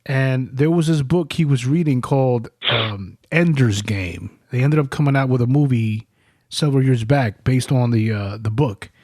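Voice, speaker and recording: A man hosting a podcast, telling stories in a profane, animated, casual way. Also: medium pitch, normal speed, dry recording, studio quality. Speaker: podcast host. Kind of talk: casual chat. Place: studio.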